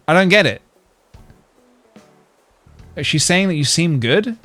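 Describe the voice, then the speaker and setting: A man's voice: on the high side, lively intonation, unhurried, fairly bright tone. A man chatting casually while streaming a game, rambling and laughing often. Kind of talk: casual gameplay commentary. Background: faint game music.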